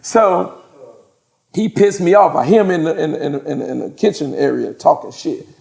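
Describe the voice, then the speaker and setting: A man, a podcast guest telling profane, animated stories and laughing through them. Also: on the high side, moderate pace, vocal fry. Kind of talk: casual storytelling in an interview.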